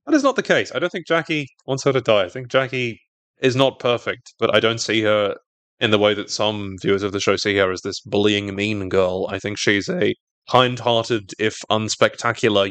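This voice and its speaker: A man's voice: on the low side, steady tone, moderate pace, fairly bright tone, no echo. Wry man recapping a TV episode. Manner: wry, sardonic, talkative. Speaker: podcast co-host. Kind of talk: casual TV recap chat.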